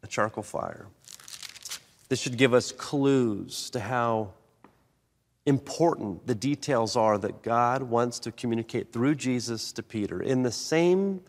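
Animated pastor preaching in a reverberant hall. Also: male voice. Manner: animated, swings between loud emphasis and soft low delivery. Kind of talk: sermon. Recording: long reverb of a large hall.

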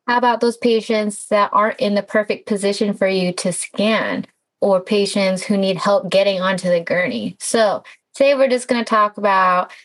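A woman's voice: medium pitch, steady tone, normal speed, rough recording. A woman co-hosting a casual podcast, friendly and encouraging with some fillers. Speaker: podcast co-host.

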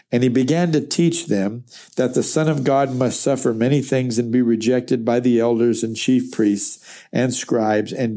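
A man's voice: mid-range voice, warm tone. A man teaching through a Bible book verse by verse, reading scripture aloud and then explaining it in plain, earnest words.

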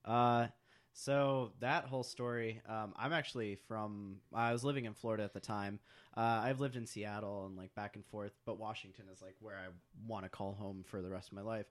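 A man chatting casually on a podcast in a laid-back, halting way. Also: on the low side, fairly even intonation.

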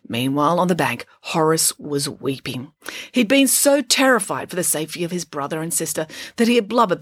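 A woman narrating a children's storybook in a wry, playful and expressive way, with dramatic pauses. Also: on the low side, no echo.

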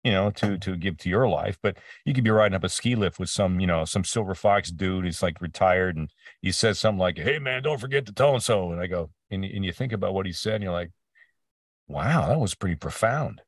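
A man's voice: deep voice, fairly quick, no echo, clean studio sound, distant mic. A man being interviewed about his voice acting career, telling stories with many restarts and acting out the people he quotes. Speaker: voice actor guest. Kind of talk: casual interview conversation.

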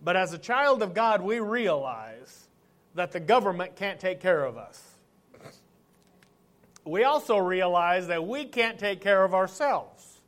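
Pastor preaching with a fairly high voice. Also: male voice, big pitch swings, a little slow, fairly bright tone. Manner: conversational preaching with asides to the congregation. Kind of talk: sermon.

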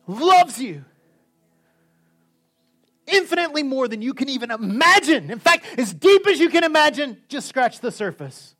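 A male preacher with a high voice, delivering an animated sermon. He drops to near-whispers and then climbs to ringing shouts. Soft music plays underneath. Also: normal speed. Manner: animated, swings from quiet to shouting.

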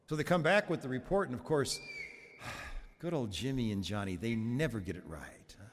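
Older priest preaching in a reverberant church. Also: male voice, mid-range voice, animated, moderate pace. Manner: conversational, humorous storytelling with restarts. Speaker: Catholic priest. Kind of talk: sermon.

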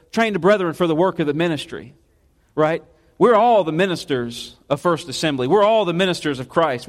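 A man, a pastor preaching a casual, halting sermon full of restarts in a church sanctuary. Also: a little high. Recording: long reverb of a church sanctuary.

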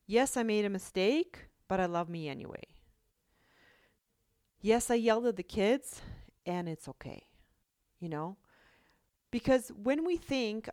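A woman's voice: medium pitch, darkish tone, no room sound, studio quality. A young adult woman, a mom, giving an earnest, conversational self-help talk to parents and asking rhetorical questions.

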